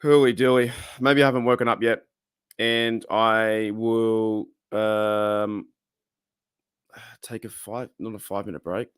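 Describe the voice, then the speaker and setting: A man with an Australian accent and a hoarse, cracking voice, hosting a casual live chat and reading out viewer comments. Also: fairly low pitch, flat delivery, slow, no echo, studio quality. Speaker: livestream host. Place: home room.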